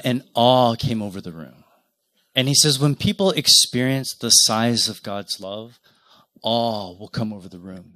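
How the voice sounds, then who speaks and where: A man preaching a sermon as pastor, telling stories earnestly, rising loud and then dropping to a hush. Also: mid-range voice, no room sound, studio quality. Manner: earnest storytelling with wide swings from loud to hushed.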